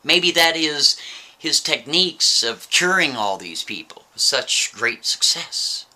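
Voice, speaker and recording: A man's voice: fairly high pitch, big pitch swings, slow, sharp tone. A man telling a story in a casual, chatty way, often checking in with the listener with "right?" asides.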